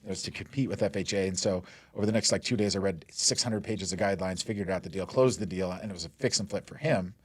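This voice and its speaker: Man from Denver, forties, rambling storyteller, lower voice, dry close recording. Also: fast talker, slightly rough, dry recording. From Denver, USA. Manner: rambling, lots of "like" and "you know", laughs easily. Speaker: guest, mortgage lender. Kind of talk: casual storytelling interview.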